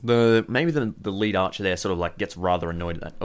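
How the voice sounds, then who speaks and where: An Australian man narrating as game master of a tabletop game, relaxed and loose with fillers. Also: low-pitched, a little fast, clean tone.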